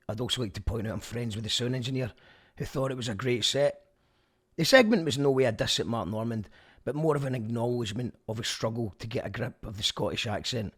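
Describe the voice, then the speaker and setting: A male radio show host reads scripted links between clips in a dry, deadpan way. His pitch sits in the middle for a man. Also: husky. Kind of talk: scripted presenter link.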